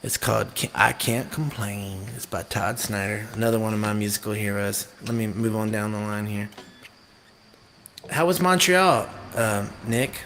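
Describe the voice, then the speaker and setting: A man from North Carolina, a musician chatting to his live-stream viewers in a rambling, jokey, animated way. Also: on the low side, normal speed, a little hiss or hum. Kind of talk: casual chat on a live stream.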